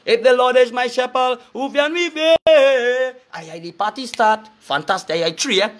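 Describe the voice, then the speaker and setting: A man's voice: very high voice, moderate pace. A man with a Trinidadian accent giving a crude, preachy rant, breaking into sing-song chants. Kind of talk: profane rant to camera.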